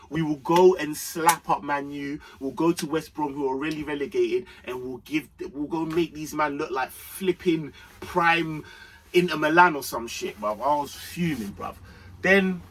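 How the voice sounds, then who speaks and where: A young man giving an excited football match reaction, full of slang, dropping to mutters and rising to shouts. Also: far from the mic, a little hiss or hum. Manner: animated London slang, swings between low muttering and shouting. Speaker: football fan vlogger.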